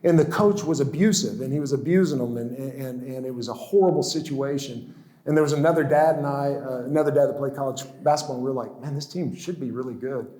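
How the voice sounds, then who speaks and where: A man's voice: medium pitch, fast, warm tone. Man in his 60s telling his story in a roomy echo. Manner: storytelling with stammered restarts and chuckles. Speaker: guest speaker. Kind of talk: personal testimony talk.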